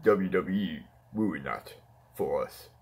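A man voicing a gruff male wrestler in a toy-figure fan play, curt and dismissive, with a husky voice and a put-on odd accent. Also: deep voice, lively intonation, takes it slowly, exaggerated voice. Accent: put-on strange accent.

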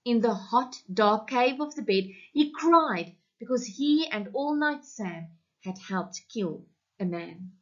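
A woman teacher from South Africa, reading a story aloud to her class in an online lesson with deliberate, expressive storytelling. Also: on the high side. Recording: muffled lo-fi recording.

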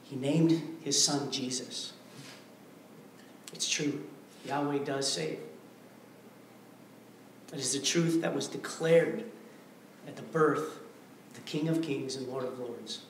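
A male pastor preaching a sermon, emphatic and repetitive, swinging between hushed passages and forceful declarations. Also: medium pitch, slow, long pauses, slight background noise. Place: church sanctuary. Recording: very echoey church hall, mic far off.

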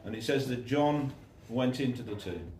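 A man preaches casually, spinning stories and impersonating the people in them in a chatty manner. His medium-pitched voice is a little mellow and moves at normal speed. He is recorded from a distance in an echoey room with slight background noise.

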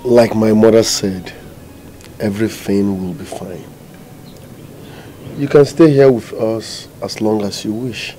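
An actor with a Nigerian accent playing a gentle young man who comforts a crying girl and offers her a home. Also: lowish voice, slow pace, pauses often. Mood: comforting. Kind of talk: Nollywood film acting. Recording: music under dialogue.

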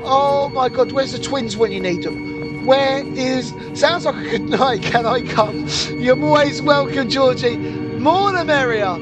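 In a rough recording with game music behind him, a man with a very high voice hosts a horror game let's play. He rambles nervously to his viewers and panics whenever something scares him.

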